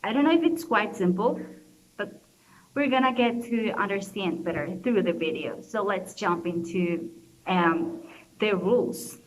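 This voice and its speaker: A woman's voice: mid-range voice, measured pace, echoey room, a little hiss or hum, low-quality recording. A young woman with a Colombian Spanish accent, a native Spanish speaker, explaining pronunciation rules to a class in a casual, encouraging way. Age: young adult. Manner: casual, encouraging teacher tone with fillers. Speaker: student presenter.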